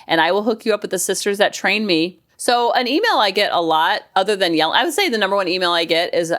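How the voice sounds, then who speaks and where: A woman's voice: expressive, quick pace, few pauses, a bit bright. A middle-aged woman, a counselor and life coach, hosting her podcast in a chatty, upbeat way. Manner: chatty, upbeat, acts out quotes in lower voice. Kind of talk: casual chat.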